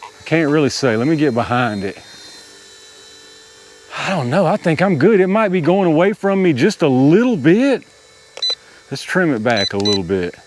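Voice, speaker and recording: A man with a drawl chats through a flight out in the open air. He sounds loose and excitable, calls out to his viewers, and laughs off his own nervous slips. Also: fairly high pitch, normal speed, pauses often, slight background noise. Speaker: RC hobby video host. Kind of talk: casual running commentary while flying. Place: outdoors, small open area.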